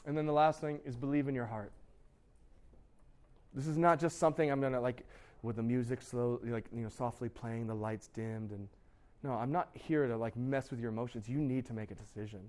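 A man's voice: medium pitch, fairly even intonation, brisk, darkish tone. A young man preaching a sermon as youth pastor, casual and joking, with lots of fillers and restarts.

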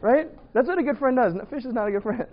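A man preaching a humorous sermon, telling lively stories with playful asides and bursts of laughter. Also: very high voice, highs cut off.

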